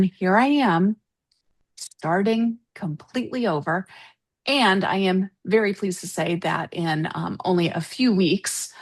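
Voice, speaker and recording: A woman who writes novels, co-hosting a casual podcast and telling stories in an animated, emotional way. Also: lowish voice. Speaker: podcast co-host. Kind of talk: casual chat.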